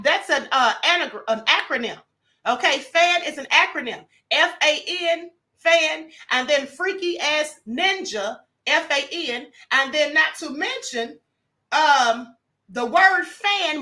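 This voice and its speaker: Bright high-voiced woman hosting a livestream. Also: measured pace. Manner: chatty, emphatic, checks in with the audience. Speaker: live stream host. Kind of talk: casual commentary livestream. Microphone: computer mic on live stream.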